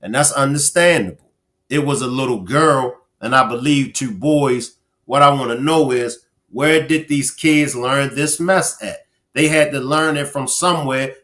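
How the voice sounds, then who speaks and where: A man's voice: mid-range voice, measured pace, a bit bright. Emphatic man live-streaming commentary. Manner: talks straight to chat viewers, emphatic, repeats phrases. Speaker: livestream commentary host.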